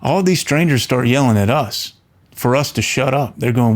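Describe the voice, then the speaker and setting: This is a middle-aged audio engineer and channel host whose creaky, medium-pitched voice moves at a moderate pace. Talking casually and earnestly to camera, he tells a story full of restarts and lively quoted voices.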